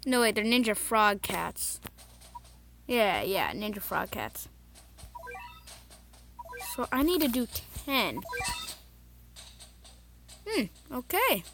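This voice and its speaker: A woman talking casually over her own mobile gameplay, chatty and self-mocking, with bursts of excited cheering. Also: mid-range voice, slow pace, pauses often. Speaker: mobile game video host. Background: game music.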